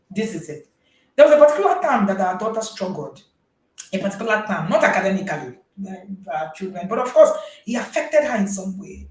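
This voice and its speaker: A woman's voice: medium pitch, a little mellow. A woman giving a motivational parenting talk as a coach, stressing her points by repeating them. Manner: emphatic, repeats key phrases for stress. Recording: roomy echo.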